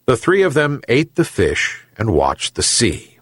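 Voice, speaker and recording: Expressive male storyteller, slightly husky. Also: medium pitch, a little slow, no echo, studio quality. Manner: expressive, animated. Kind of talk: storybook narration.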